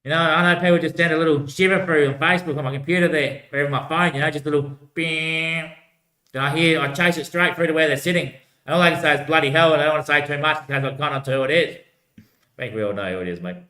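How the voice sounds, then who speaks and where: Man, fairly high bright voice, rambling monologue, repeats himself, echoey room. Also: steady tone, fast talker. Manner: repetitive, keeps saying "mate" and "bloody hell"; loose, drifting talk with frequent laughs. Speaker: vlogger.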